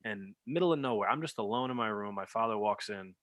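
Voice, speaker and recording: A man's voice: lowish voice, fast talker, no room sound. A man, hosting a podcast and swapping stories about his father in casual chat. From New York. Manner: lively, swears casually, laughs loudly. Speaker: podcast host.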